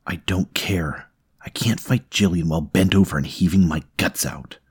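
A man's voice: sits low, moderate pace, slightly rough. A man playing a tense, irritable young man. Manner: tense, irritable, pushing his voice up. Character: tormented, short-tempered young man.

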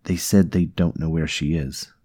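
A man's voice: rumbling low, steady tone, normal speed, dark tone. A man doing a sarcastic young woman. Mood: dry, wry. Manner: dry and sarcastic. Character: sharp, sardonic young woman.

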